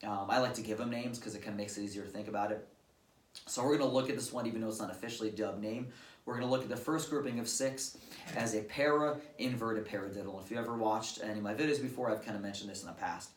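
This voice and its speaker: Brief: male drum teacher, lower voice, patient step-by-step talk, miked from across a roomy studio. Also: fast talker. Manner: patient, step-by-step explaining with casual fillers. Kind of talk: instructional drum lesson. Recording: roomy, distant-mic recording with drums. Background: drum kit played at times.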